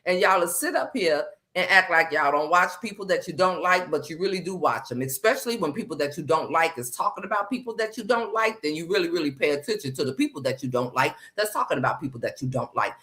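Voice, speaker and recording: A woman's voice: lowish voice, expressive, quick pace, few pauses, a bit bright. A woman hosting a casual live stream chat, greeting viewers by name and speaking emphatically, often repeating phrases.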